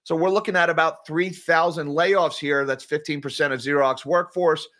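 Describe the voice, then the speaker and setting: A man's voice: on the high side, fairly even intonation, moderate pace, fairly bright tone. A man commenting on finance and market news for viewers, reading headlines and adding sarcastic asides. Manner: sarcastic, informal, addresses viewers as guys.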